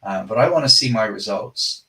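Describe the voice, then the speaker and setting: A man casually presenting a screen-share software demo, chatty and self-deprecating, often restarting his phrases. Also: fairly low pitch, lively intonation, normal speed, recorded from a distance, rough recording.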